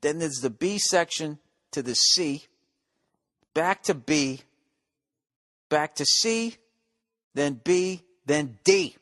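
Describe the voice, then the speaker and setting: A middle-aged American man hosting a podcast, delivering a profane, rambling comic monologue with swings between loud rants and muttered asides. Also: fairly high pitch, animated, slow pace, pauses often. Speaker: podcast host.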